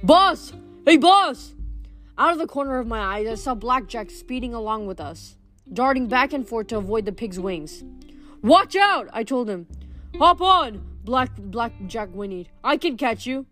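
A woman reading an adventure novel aloud in the first person, telling the story with lively delivery and punching the shouted lines. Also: mid-range voice. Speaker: audiobook reader.

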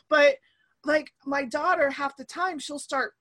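Woman host, 30s, high bright voice, lively chat on a call. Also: slow pace. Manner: animated, acts out quoted voices. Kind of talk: casual conversation. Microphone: remote call.

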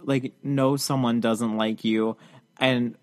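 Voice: medium pitch, level tone, slow pace, no echo. Podcast cohost chatting, rambly, like like like, gets emotional. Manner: rambling, heavy use of "like", gets teary. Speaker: podcast co-host. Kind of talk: casual chat.

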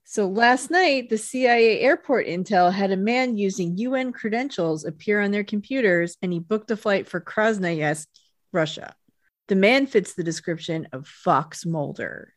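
A woman co-hosts a podcast, recapping a TV episode in an easygoing chat full of wry asides and frequent laughs. Her voice is mid-range at a moderate pace, recorded in clean studio sound with no room noise.

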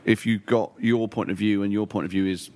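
A man's voice: on the low side, steady tone, a little fast, a little mellow. A middle-aged man, a comedian and writer talking as an interview guest in a rambling, self-deprecating way and swearing casually. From London.

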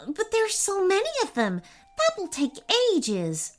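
A woman's voice: extremely high pitch, unhurried, pitched above the performer's own voice, heavily acted. A woman voicing a kind, eager young boy in a storybook reading. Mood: nervous. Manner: bright, nervous then excited.

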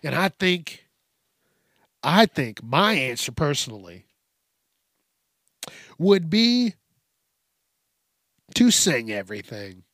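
A man hosts a casual solo podcast, speaking slowly with long pauses and big pitch swings in a fairly high, fairly bright voice. He swears, drifts between subjects, and keeps restarting and repeating words. The audio is clean studio sound with no echo.

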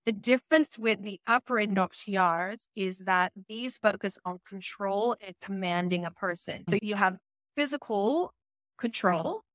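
A woman at a mid pitch, close on the mic with no room sound at all. She hosts a podcast and walks through court testimony line by line. Her delivery is steady, measured and serious. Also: dry recording. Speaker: podcast host.

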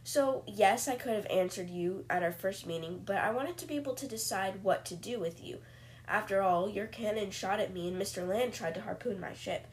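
A woman voicing a stern, secretive male submarine captain in a cold, measured way. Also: mid-range voice, a little hiss or hum, close to an everyday voice. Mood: firm.

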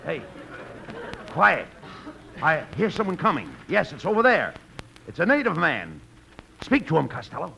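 Bossy straight man, gravelly and bright. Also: fairly high pitch, wildly swooping pitch, slight background noise. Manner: brisk, bossy and exasperated. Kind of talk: 1940s radio comedy sketch.

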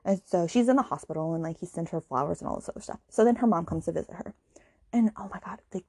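A woman hosting a podcast, giving a casual, animated book review rant full of fillers like "like" and "okay". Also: lowish voice, fairly quick, slightly rough, no echo. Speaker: podcast host.

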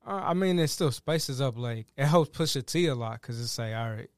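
Relaxed male podcast co-host. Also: medium pitch, fairly quick, no room sound, clean studio sound. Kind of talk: casual podcast chat.

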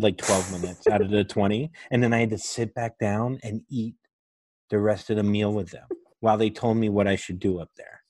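A man's voice: fairly low pitch, darkish tone, dry recording. Swearing male comedian telling stories. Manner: rambling storytelling, swears often. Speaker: podcast host and comedian. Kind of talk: casual podcast chat.

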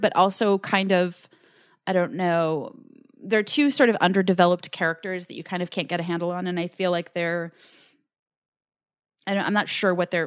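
Podcast co-host, female, low-ish register, casual recap delivery with quoted lines, dry booth sound. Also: clear, resonant tone, dry recording. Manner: recounts scenes with acted-out quotes, many fillers.

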